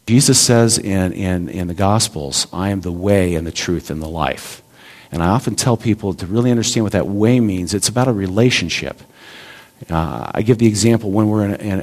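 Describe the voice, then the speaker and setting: A male pastor preaching a sermon in a conversational, folksy way, with asides and repeated words. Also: low voice.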